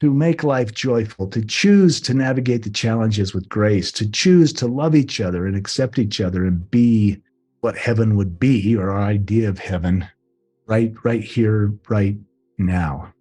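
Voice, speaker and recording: A man's voice: on the low side, a little slow, dark tone, faint music behind. Earnest man telling his story. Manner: earnest, emotional, reflective. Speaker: guest telling his near-death experience. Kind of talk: personal storytelling.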